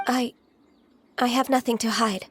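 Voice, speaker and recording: A woman voicing a shy, earnest half-divine young woman in a video game, soft-spoken and hesitant. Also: fairly high pitch, steady tone, measured pace, slightly rough. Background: game music.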